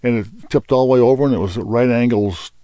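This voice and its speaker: Man gardening expert, mellow tone, easygoing and keen, dry close sound. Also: medium pitch, quick pace, clean tone, no echo. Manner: easygoing, enthusiastic about flowers. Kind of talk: casual chat.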